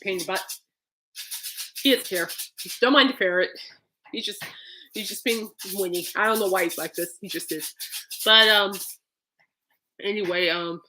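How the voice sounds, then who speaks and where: Bright-voiced chatty woman podcaster. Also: mid-range voice, moderate pace, pauses often, a little hiss or hum. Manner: chatty and rambling, laughs often. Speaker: podcast host. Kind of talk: casual chat.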